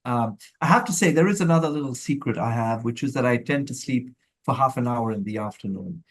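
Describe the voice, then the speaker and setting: Middle-aged guest from India, reflective and measured, restarts often mid-thought. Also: male voice, mid-range voice, expressive. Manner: thoughtful, measured, with frequent restarts and light laughs. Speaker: guest, mental health professional. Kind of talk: conversational interview answers.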